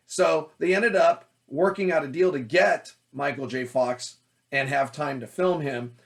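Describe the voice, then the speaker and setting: A man teaching about auditions as an acting coach, talking in a loud, forceful, energetic way. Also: on the high side, measured pace, creaky.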